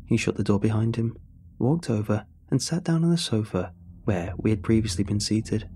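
A man's voice: fairly low pitch, moderate pace, dark tone, a little hiss or hum. A man narrating a first-person horror story, giving the characters their own voices.

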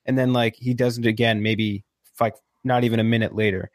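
A man's voice: medium pitch, a little fast, no echo, studio quality. Ranting, swearing man in movie chat. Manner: animated ranting, frequent swearing. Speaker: podcast co-host.

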